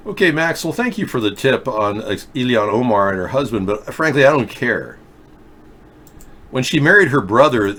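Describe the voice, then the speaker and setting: A man's voice: mid-range voice, fairly bright tone, slight background noise. A middle-aged man hosting a live video chat show, reading viewer comments and rambling through sarcastic jokes and asides.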